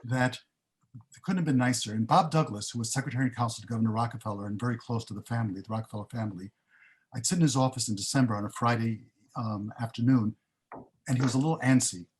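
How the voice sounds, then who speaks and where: Older guy, husky voice, rambly storytelling, keeps going off on tangents. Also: mid-range voice, fast talker. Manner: rambling, self-interrupting storyteller. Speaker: panelist. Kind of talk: recounting career story.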